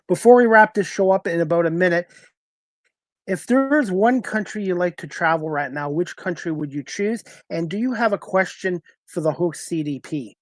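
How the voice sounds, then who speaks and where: A man hosting a talk show over a video call, asking guests steady, earnest questions. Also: sits high, moderate pace, dry recording. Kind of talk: casual interview.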